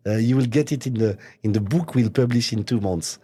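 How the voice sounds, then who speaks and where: Guy guesting on a chat show, mellow husky tone, stops and restarts a lot. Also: medium pitch. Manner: hesitant, halting, repeats words. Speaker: watch brand executive, guest. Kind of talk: casual interview. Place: recording studio.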